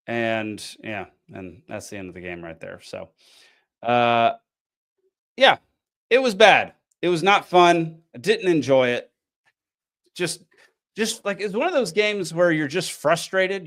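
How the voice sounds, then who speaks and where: A tired, yawning podcast host from the American South speaks in a slightly high, fairly bright voice. He recaps a frustrating match casually, full of ums and restarts.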